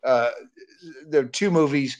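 A man's voice: medium pitch, measured pace. A man from Massachusetts in casual chat, hesitant and stammering with many "uh"s. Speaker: comedian guest.

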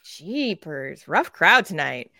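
A woman co-hosting a casual podcast. She rants in a lively way, swears freely and acts out quoted characters. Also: low-pitched, takes it slowly, gravelly, no echo, studio quality. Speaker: podcast co-host.

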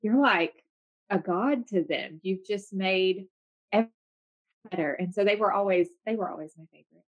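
A woman's voice: medium pitch, moderate pace, lo-fi sound. A woman from Arkansas with a light Southern accent, hosting a casual conversation and steering the topic.

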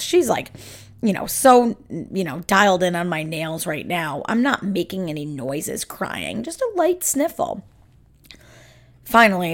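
A woman hosting a solo podcast, telling a story in a chatty, animated way with many fillers. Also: mid-range voice. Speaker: podcast host.

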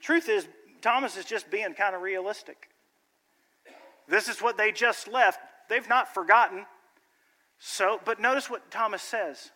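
In a church sanctuary, a pastor preaches to his congregation, starting off chatty and joking before building to emphatic appeals. His male voice is high-pitched, animated, bright and forceful, at a normal speed. The recording carries the long reverb of a church hall.

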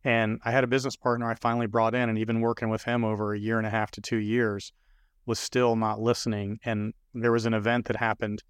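A middle-aged man, a business consultant guest, telling a story in a lively conversational way. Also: on the low side, clean tone, no room sound. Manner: animated storyteller, voices others in quotes.

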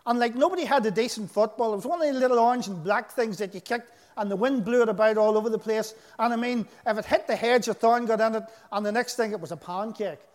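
Northern irish preacher guy, really high voice, emphatic storyteller, echoey church hall. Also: quick pace, hardly any pauses. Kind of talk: sermon.

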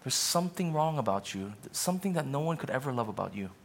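A man's voice: medium pitch, big pitch swings, fast talker, gravelly. A man voicing a taunting male devil who mocks and needles with doubting questions. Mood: mocking.

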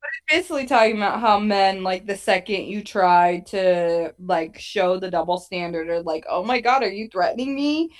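Woman co-hosting a show recap podcast, lively, swears a lot, jumps into quotes. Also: fairly low pitch, moderate pace. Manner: animated, swearing, acts out quotes. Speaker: podcast co-host. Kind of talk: casual recap chat about a TV show.

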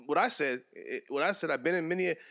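Animated man talking football. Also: a little high, fast talker, creaky. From Canada. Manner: animated, jokey, mock play-by-play bursts. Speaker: podcast co-host. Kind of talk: casual sports chat.

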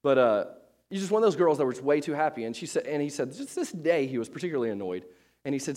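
A man's voice: mid-range voice, animated, quick pace, darkish tone. A male pastor preaching a casual, chatty sermon to his congregation, joking at his own expense and restarting sentences often with many fillers.

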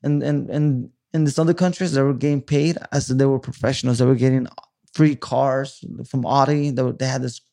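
A man in his thirties, from California, talks through his past in a relaxed interview. His voice has a gravelly edge, and he rambles with frequent restarts and fillers. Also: medium pitch, fairly quick. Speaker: guest. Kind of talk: casual storytelling interview.

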